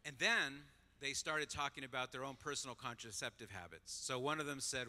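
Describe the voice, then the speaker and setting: A man's voice: mid-range voice, fairly quick. A middle-aged man speaking at a conference, telling a story to an audience and acting out the voices of the people in it. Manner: animated storyteller, acts out voices. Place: large conference hall. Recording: long hall reverb.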